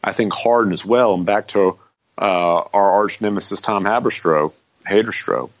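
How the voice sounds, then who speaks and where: Male podcast panelist, very deep voice, chatty and jokey, slightly dull sound. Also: moderate pace, no room sound. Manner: rambling, jokey, lots of fillers. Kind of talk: casual podcast chat. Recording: slightly muffled dry audio.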